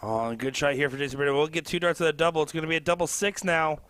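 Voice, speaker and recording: A man's voice: a little high, fairly even intonation, very fast, fairly bright tone, clear, resonant tone. A male color commentator in a commentary booth at a live darts match, chatty and jokey, rambling with lots of fillers.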